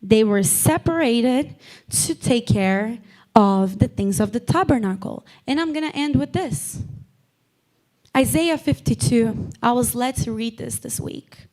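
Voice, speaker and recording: A woman's voice: a little high, lively intonation, a little slow, a little mellow. A woman preaching a sermon, impassioned, repeating lines for emphasis and calling out members by name.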